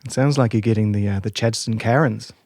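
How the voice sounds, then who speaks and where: A man's voice: lowish voice, brisk, darkish tone, no room sound, clean studio sound. A man hosting a podcast in casual chat, asking brief questions and adding encouraging remarks. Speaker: podcast host.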